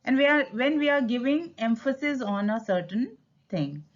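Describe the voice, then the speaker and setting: Indian teacher explaining grammar, lo-fi. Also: female voice, a little high, expressive, moderate pace. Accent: Indian English. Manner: switches to Hindi to explain. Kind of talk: classroom grammar lesson. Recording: dull lo-fi sound.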